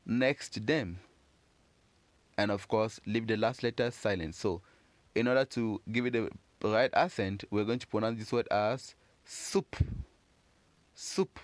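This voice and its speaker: A man giving a patient pronunciation lesson, slowly repeating words and encouraging learners. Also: medium pitch, dry recording. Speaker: French teacher.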